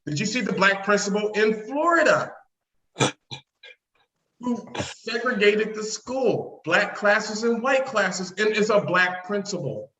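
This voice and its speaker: High bright-voiced man telling animated stories. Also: slow pace. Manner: animated storyteller, joking and sarcastic. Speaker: podcast co-host. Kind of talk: casual political chat. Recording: echoey room, dull lo-fi sound.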